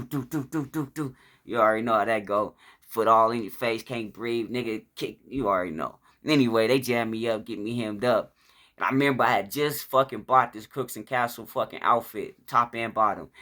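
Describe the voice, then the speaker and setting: Male storyteller, casual profane monologue, bright and sharp voice, mid pitch. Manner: profane, rambling, acts out shouts and quotes. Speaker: vlogger telling his life story.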